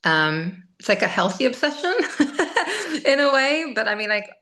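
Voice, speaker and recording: A woman in her thirties with a bright, ringing voice shares personal stories as a podcast guest. Her talk is lively and emotional, often broken by laughter. The sound is close and plain. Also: high voice, a little slow. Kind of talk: casual conversational storytelling.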